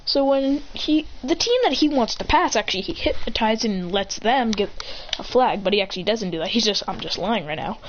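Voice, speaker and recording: A woman's voice: on the high side, animated, fairly quick, a little hiss or hum. Rambling woman telling a fan story. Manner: rambling, self-correcting. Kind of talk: improvised fan story narration. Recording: dull lo-fi recording.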